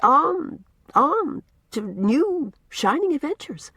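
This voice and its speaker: A woman's voice: high-pitched, sing-song, takes it slowly, pushed and bright, no echo, studio quality, pitched above the performer's own voice, heavily acted. A woman voicing a dreamy, imaginative doctor's wife who speaks wistfully.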